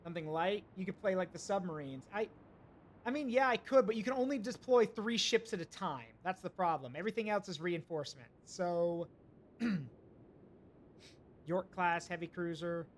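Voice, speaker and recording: A man with a fairly high voice streams a naval strategy game live. He thinks out loud, hesitates, and chats with his viewers as he plays. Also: animated, normal speed, a little hiss or hum. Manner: thinks aloud, hesitant, talks to chat. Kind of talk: live gameplay commentary.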